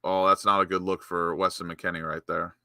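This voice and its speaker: A young man hosting a live football watchalong, giving excitable, emotional fan commentary into a close mic. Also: low-pitched, fairly quick, no echo. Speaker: watchalong host.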